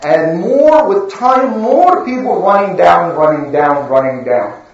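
Slow lively storyteller asking the listeners questions, far from mic, really echoey dull room. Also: medium pitch. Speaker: religious storyteller. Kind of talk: storytelling lesson for children.

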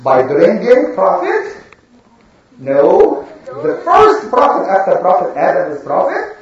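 A storyteller tells a lesson slowly, with a lively voice that rises and falls, and asks the listeners questions along the way. The voice is far from the mic and rings through a very echoey room, with a dull, muffled tone. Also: mid-range voice. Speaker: religious storyteller.

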